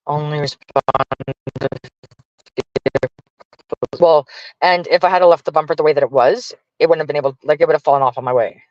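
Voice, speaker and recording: A man's voice: on the high side, steady tone, fairly quick, pauses often, a little mellow, muffled recording, soft background music. A man venting casually to his stream viewers, profane and exasperated as he rants. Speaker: livestreamer talking to chat.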